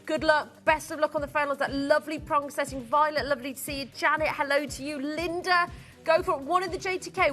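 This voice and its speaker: High-voiced, excitable saleswoman. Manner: upbeat, excitable, counting down stock. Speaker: shopping channel presenter. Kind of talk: live TV shopping presentation. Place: TV studio.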